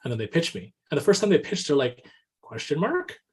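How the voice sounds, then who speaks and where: A man's voice: fairly high pitch, quick pace, breathy edge. A man co-hosting a casual business podcast, talking animatedly, acting out little dialogues and tagging nearly every point with "right?". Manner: animated, says "right?" constantly, acts out quoted dialogue. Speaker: co-host.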